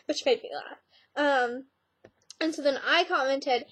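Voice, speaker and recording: A teenage girl talks straight to the camera in a loose, rambling way, filling her sentences with "like" and "um". Her voice sits high, and the sound is close and dry with no room echo. She keeps a sarcastic edge as she goes. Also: fairly even intonation, moderate pace. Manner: chatty, sarcastic, many "like"s and "um"s. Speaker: vlogger. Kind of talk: casual vlog rant.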